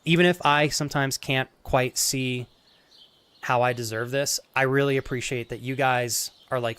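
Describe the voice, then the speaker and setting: A live streamer talking to his chat, holding back tears, halting and earnest, swearing as he goes. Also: medium pitch, fairly even intonation, a bit bright, clean tone. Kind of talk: emotional talk to stream chat.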